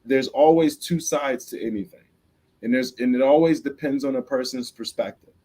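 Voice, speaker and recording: A man's voice: medium pitch, normal speed, mellow. A man from the Midwest talking as a love coach on a podcast, emphatic, often restarting phrases and coaxing the listener to see his view. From Chicago, US Midwest. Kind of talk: podcast interview talk.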